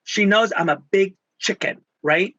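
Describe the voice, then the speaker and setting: A man from Texas, a guest speaking about his spiritual healing work, tells emotional stories in an animated, theatrical way and acts out the voices he quotes. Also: sits high, unhurried, no echo, lo-fi sound. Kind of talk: emotional storytelling in conversation.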